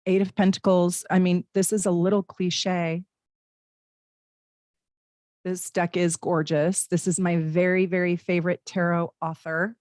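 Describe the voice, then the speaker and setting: A woman's voice: lowish voice, little pitch movement, measured pace, a little mellow, dry recording, studio quality. A woman hosting a live-stream tarot reading, chatting in a bubbly way with viewers and reading their comments aloud.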